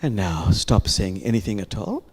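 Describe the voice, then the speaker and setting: A man leading a slow, soft, prayerful guided heart meditation during a worship service, pausing often. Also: fairly low pitch, big pitch swings, husky. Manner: slow, soft, prayerful guidance with long pauses.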